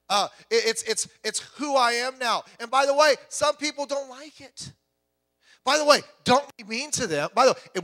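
A man in his fifties preaching a sermon, telling stories with animated voices and swinging from loud to hushed. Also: extremely high pitch. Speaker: pastor. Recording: long hall reverb.

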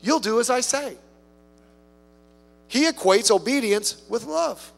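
Man, pastor, high voice, animated swings in pitch, chatty sermon, long hall reverb, faint music behind. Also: slow, creaky. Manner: conversational, with rhetorical questions and humorous asides.

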